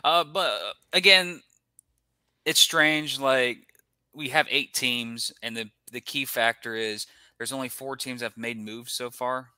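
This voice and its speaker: A young man chats on a sports podcast in a loose, rambling way, trailing off into asides and laughing at himself. His voice is very bright and smooth. The sound is dry and close-miked. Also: mid-range voice, steady tone, dry recording. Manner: rambling, chuckling, quick asides. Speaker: podcast co-host. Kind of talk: casual sports podcast chat.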